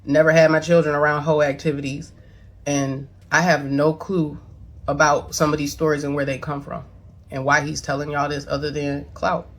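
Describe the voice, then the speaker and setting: A woman's voice: low-pitched, level tone, moderate pace. A middle-aged woman talking blunt and profane straight to camera, emotional and on the verge of tears as she defends herself to her son's followers. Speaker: mother responding to her son online.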